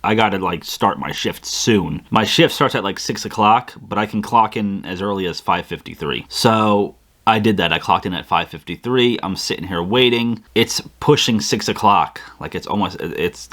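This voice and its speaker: Young male vlogger, lower pitch, casual animated storyteller who restarts and stumbles often. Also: moderate pace, few pauses. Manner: animated retelling with frequent restarts and acted-out inner quotes.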